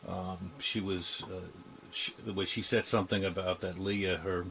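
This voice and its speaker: A man hosts an interview, his lowish voice halting and filled with ums and uhs. A faint hum of background noise sits under him. He builds his questions slowly. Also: level tone, vocal fry, a bit bright, low-quality recording. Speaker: interviewer, host.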